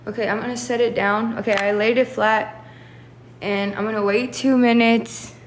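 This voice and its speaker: A woman's voice: a little high, steady tone, moderate pace, reverberant, a little hiss or hum. A young woman on a live stream who talks anxiously and keeps repeating short phrases. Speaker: livestreamer.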